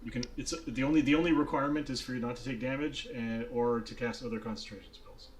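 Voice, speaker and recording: A man runs a tabletop game in a loose, swearing manner, breaking into laughter as he narrates. His voice sits at an ordinary middle pitch. A faint hiss runs under the recording. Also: fairly even intonation, quick pace. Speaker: dungeon master.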